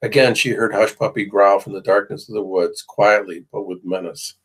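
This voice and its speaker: Low husky male audiobook reader. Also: fairly even intonation, normal speed, fairly bright tone, rough recording. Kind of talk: audiobook narration.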